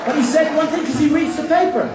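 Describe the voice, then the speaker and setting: A man's voice: extremely high pitch, fast. Boastful man at a rally in an echoing hall. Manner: boastful, rambling and repetitive; sarcastic jabs at the press. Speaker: political candidate. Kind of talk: campaign rally speech. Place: large packed hall with a crowd. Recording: echoey hall from far off, crowd noise.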